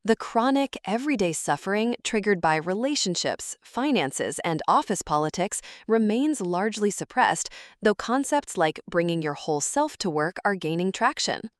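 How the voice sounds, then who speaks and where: A woman narrating a nonfiction summary at a steady, measured pace. Her pitch sits in an ordinary middle range. The recording is dry and close, with no room sound around her voice. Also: dry recording. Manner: steady, even-paced reading. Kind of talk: scripted book-summary narration.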